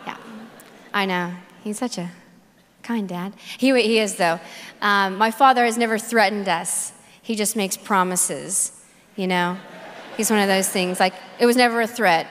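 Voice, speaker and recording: A woman's voice: mid-range voice, moderate pace, fairly bright tone. A woman giving a personal faith testimony at a conference, telling her story earnestly, with repeated phrases and quoted dialogue acted out. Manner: acts out dialogue in quoted voices. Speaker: conference speaker. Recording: long hall reverb.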